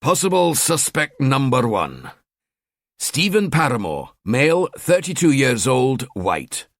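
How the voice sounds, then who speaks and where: A man's voice: medium pitch, big pitch swings, takes it slowly, a bit bright, no echo, pitched above the performer's own voice, full character voice. Guy reading as a sardonic chatty cop, dry close sound. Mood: wry. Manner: wry, chatty. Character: cheeky, sardonic male police detective.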